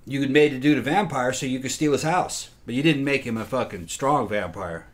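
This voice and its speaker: A man chatting casually about old films, halting and restarting often, swearing freely. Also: medium pitch.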